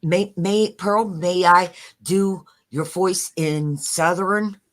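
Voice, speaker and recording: An older woman calls in with a very low voice and a slow, unhurried pace. She is hesitant and stammers a little, but stays affectionate. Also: steady tone, a bit bright. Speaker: caller. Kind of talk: casual livestream call-in.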